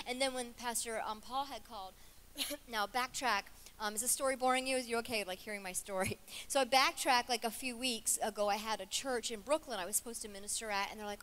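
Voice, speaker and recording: Middle-aged lady preacher, bright high voice, talks to the crowd like friends, laughs a lot. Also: a little fast, a little hiss or hum. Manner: chatty, animated storytelling with laughs and asides to the crowd. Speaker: guest preacher. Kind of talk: conversational sermon. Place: church conference stage.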